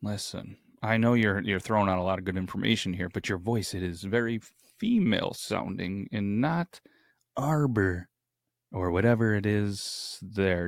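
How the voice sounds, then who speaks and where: Excitable man hosting a podcast. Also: fairly low pitch, normal speed, dry recording, clean studio sound. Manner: excitable, rambling and self-aware. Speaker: podcast host. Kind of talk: casual podcast chat.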